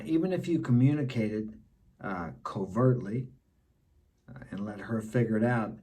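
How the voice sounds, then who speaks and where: A man's voice: mid-range voice, warm tone, slightly rough. A middle-aged man giving blunt dating advice in a casual monologue, repeating his key points.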